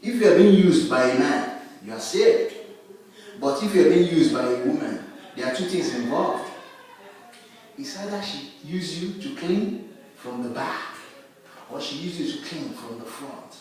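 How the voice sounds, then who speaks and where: A man with a high voice telling a stand-up joke at a very slow, deliberate pace, stacking one repeated step on the next. His voice rings around a very echoey club and sounds distant from the mic. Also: lively intonation, darkish tone. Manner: slow, deliberate, repetitive build-up. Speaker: stand-up comedian. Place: comedy club stage. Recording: echoey room heard from afar.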